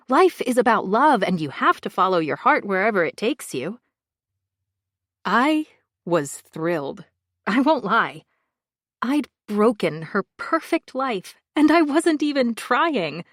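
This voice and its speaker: A woman's voice: medium pitch, very animated, measured pace, no echo, clean studio sound. A woman narrating a thriller audiobook in the first person, in an intimate, confessional manner.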